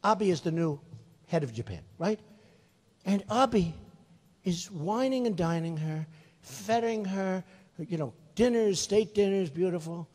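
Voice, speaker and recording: Unhurried and expressive, a man in his sixties speaks in a high, somewhat mellow voice. He's a political candidate at a rally in a large hall, rambling, bragging and repeating himself, with long reverb in the recording.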